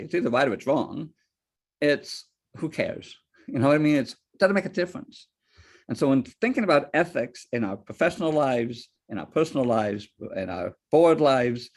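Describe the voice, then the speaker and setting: A man giving a lecture on ethics to board members, telling personal anecdotes and asking rhetorical questions. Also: mid-range voice. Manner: lively storyteller, rhetorical questions.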